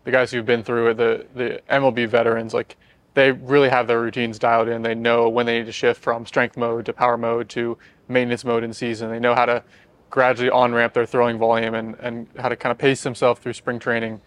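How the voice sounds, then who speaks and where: A young man hosting a casual podcast discussion, leading the questions in a quick, conversational way. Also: medium pitch, completely flat delivery, dry recording. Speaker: podcast host.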